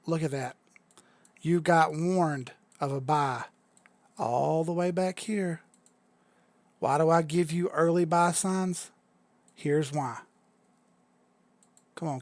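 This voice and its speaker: A young adult man hosting a casual crypto livestream, chatty and excitable, swearing freely as he talks viewers through charts. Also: on the high side, no echo.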